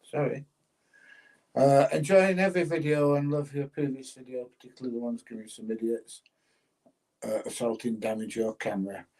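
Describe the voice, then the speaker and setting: A man's voice: medium pitch, steady tone, normal speed, a little mellow, rough recording. An older man casually chatting on a livestream, reading out viewer comments and laughing as he goes. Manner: chatty, laughs often, plain-spoken. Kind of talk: casual chat.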